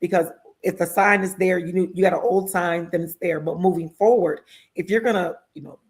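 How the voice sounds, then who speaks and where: A woman guest in an interview, telling stories in a heartfelt, animated way and acting out other people's lines. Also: lowish voice, fairly quick. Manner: heartfelt and emotional, with religious exclamations. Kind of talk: conversational storytelling interview.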